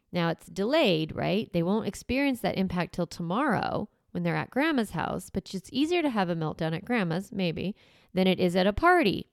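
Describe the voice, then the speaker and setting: Gravelly-voiced woman giving parenting advice. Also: lowish voice, dry recording, clean studio sound. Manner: conversational, acts out what parents say to kids. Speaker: parenting coach. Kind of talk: casual advice talk.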